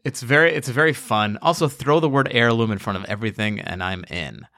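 Jokey male podcast host, bright voice. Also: mid-range voice, brisk, no echo, studio quality. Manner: jokey, chuckling banter. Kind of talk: casual chat.

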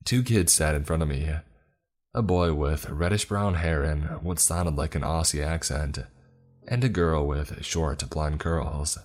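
A man narrating a scripted first-person story in a steady, even way. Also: a bass voice, unhurried, soft background music.

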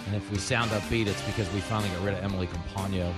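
A male radio host bantering and telling jokes in a comedic, animated way in a studio. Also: sits low, very fast, few pauses, over music. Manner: joking, animated, tells jokes with voices.

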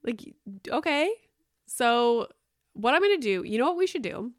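In a sing-song voice on the high side, a woman in her thirties chats through her solo podcast at a moderate pace. She rambles with lots of fillers and drops the odd swear word, recorded dry in studio quality.

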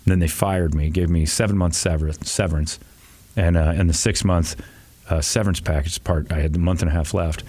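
Deep-voiced man telling rambling radio stories. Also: fairly even intonation, a little fast, a little mellow. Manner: rambling, profane, self-deprecating anecdotes. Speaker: radio host. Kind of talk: casual storytelling chat.

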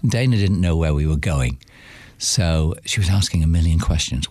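A man's voice: rumbling low, expressive, moderate pace, a little mellow, no room sound. A middle-aged man from England, a guest telling anecdotes with dry humor and frequent laughs. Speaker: guest, businessman. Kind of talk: casual chat, storytelling.

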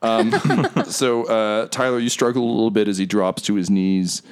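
A man narrating as game master, halting and full of fillers. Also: fairly low pitch, steady tone, smooth.

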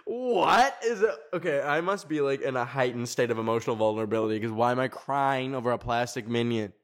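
A man hosting a podcast from his garage, chatting casually and reading listener stories in an expressive voice with sudden jumps up in pitch. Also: quick pace. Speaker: podcast host. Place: hot garage.

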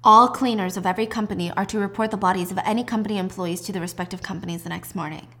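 A woman voicing a cold, menacing male crime boss who speaks in low, clipped threats. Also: fairly even intonation, racing, fairly bright tone.

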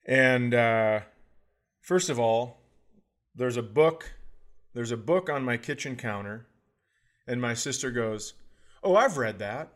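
A man's voice: mid-range voice, slow pace, long pauses. A man co-hosting a podcast in casual comedic chat, ranting with profane exaggeration. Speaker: podcast co-host.

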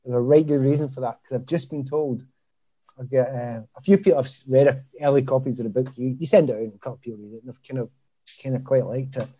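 A middle-aged man with a Glaswegian Scottish accent, a former footballer chatting as a podcast guest and telling lively anecdotes while laughing at himself. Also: mid-range voice, fast. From Scotland. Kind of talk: casual podcast chat.

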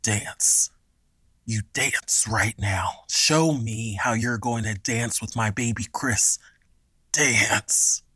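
A woman voicing a deranged middle-aged father, low, breathy and hoarse, dropping into a slow growl. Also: a bit bright, no room sound, exaggerated voice. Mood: menacing.

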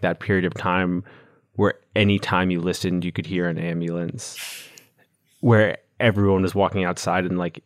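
A man hosting a podcast interview, talking in a halting way and searching for his words. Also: low-pitched, dry recording, studio quality. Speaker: podcast host. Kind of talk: conversational interview.

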